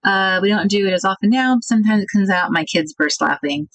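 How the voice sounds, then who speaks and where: A woman hosting a casual craft livestream, thinking out loud and chatting with viewers about their comments. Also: medium pitch, animated, a little fast, no echo, poor audio. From United States.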